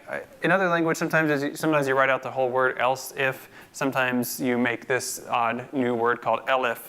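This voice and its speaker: A man's voice: medium pitch, fairly bright tone, clean tone. A man teaching a live-coding screencast, thinking aloud with many fillers and restarts. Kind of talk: casual screencast coding tutorial.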